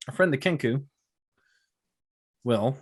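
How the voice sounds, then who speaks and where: A man narrating combat as game master of a tabletop game, pausing with frequent fillers. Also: mid-range voice, lively intonation, husky. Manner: halting, many uh fillers while narrating action.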